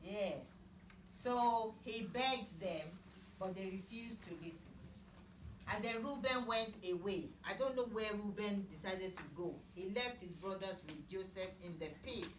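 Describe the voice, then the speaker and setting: This Bible teacher has a mid-range voice and tells a story to children slowly and in simple terms, questioning them as she goes. She's far from the mic in an echoing room, with a faint hiss or hum present.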